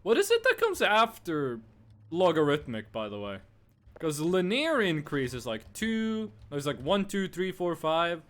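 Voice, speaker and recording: A man's voice: fairly high pitch, wildly swooping pitch, a little slow, a bit bright. A young man streaming a game, chatting playfully with his chat and teasing them while he plays.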